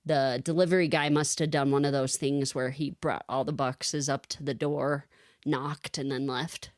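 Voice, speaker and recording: A woman co-hosting a podcast, telling a lively personal story in casual chat and laughing often. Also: extremely low pitch, normal speed, no room sound, studio quality. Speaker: podcast co-host.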